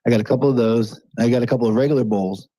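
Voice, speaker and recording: A man's voice: medium pitch, very fast, mellow, no room sound, rough recording. A man co-hosting a casual podcast, rambling with many fillers. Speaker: podcast co-host. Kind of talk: casual panel chat.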